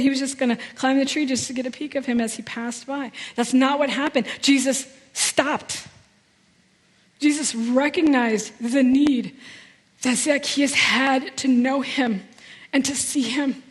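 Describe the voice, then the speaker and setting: A woman's voice: high-pitched, in a large hall. A woman giving a sermon, telling a personal story in an earnest, heartfelt way. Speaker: guest preacher. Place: church sanctuary.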